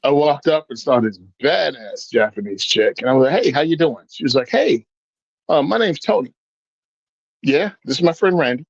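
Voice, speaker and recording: A man's voice: a little high, fairly quick, vocal fry, dry recording, highs cut off. A man telling stories in casual chat as a podcast guest, acting out the voices of the people he quotes. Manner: animated storyteller, acts out quoted voices.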